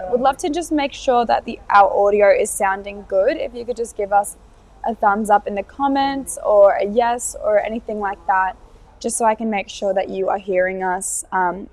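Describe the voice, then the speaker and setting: A woman's voice: mid-range voice, darkish tone. A woman hosting a live gardening Q&A, upbeat and friendly, reading out viewer questions with frequent fillers. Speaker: host.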